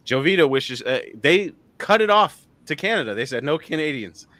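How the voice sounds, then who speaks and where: A man's voice: a little high, expressive, moderate pace, bright, forceful tone, no room sound. A man hosting a casual live-stream chat, rambling with lots of fillers and frequent laughter. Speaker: host.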